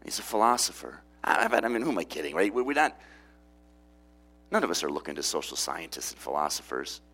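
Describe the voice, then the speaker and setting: Lively conversational male preacher. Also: sits low, a little fast. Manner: conversational preaching with rhetorical questions. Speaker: pastor. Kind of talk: sermon.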